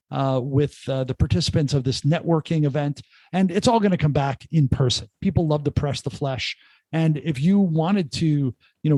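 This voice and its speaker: Middle-aged male entrepreneur guest, lively raconteur with quips, slightly high voice, dry sound. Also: no echo. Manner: animated storyteller, jokey asides. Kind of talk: casual podcast interview. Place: remote call.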